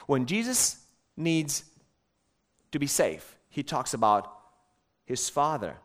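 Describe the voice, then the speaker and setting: A middle-aged man preaching a sermon, telling stories in an emphatic, animated way. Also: on the high side.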